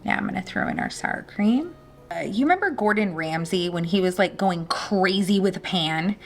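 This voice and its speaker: A woman's voice: mid-range voice, animated, normal speed, faint music behind, rough recording. A woman hosting a casual cooking demonstration in a home kitchen, chatty and self-deprecating with joking asides. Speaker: cooking show host.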